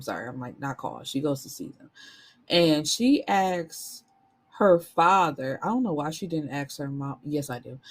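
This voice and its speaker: A woman chatting through a book recap in a relaxed, colloquial way. Her voice sits a little low, and she gets animated and swears now and then. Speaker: book reviewer. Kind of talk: casual book summary.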